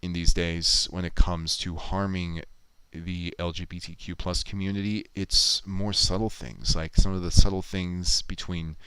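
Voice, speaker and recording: A man's voice: low voice, level tone, unhurried, hardly any pauses, sharp tone, clean tone, no room sound, rough recording. A man chatting casually on a livestream, thinking aloud and reading viewer comments out. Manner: musing, thinks aloud, reads chat comments out. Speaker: livestreamer editing a video.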